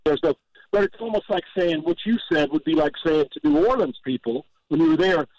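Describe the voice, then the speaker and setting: A Southern California man appears as a guest on a sports radio show, trading casual banter, rambling, joking, spinning exaggerated stories, and stammering through restarts. His voice is on the high side, expressive and brisk, and the recording is dry and dull.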